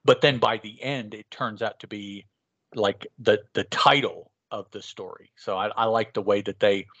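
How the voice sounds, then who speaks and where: A man's voice: lowish voice, steady tone, normal speed, a bit bright, dry recording, dull audio. Thoughtful male podcast co-host. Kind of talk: casual chat.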